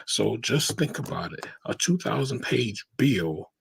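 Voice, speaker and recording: Male host, rough husky low voice, loose restart-heavy monologue, dry room. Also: sing-song, a little slow, dry recording. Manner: rambling, restarts words, talks straight to viewers. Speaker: commentary show host. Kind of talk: casual monologue.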